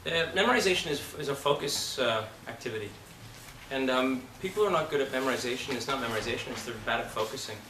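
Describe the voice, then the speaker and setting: Acting coach, blunt and swearing freely, with a sharp forceful voice, recorded from across a roomy classroom. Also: male voice, medium pitch, expressive, quick pace, slight background noise. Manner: blunt, profane and emphatic. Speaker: acting teacher. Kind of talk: casual classroom talk. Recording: roomy, from a distance.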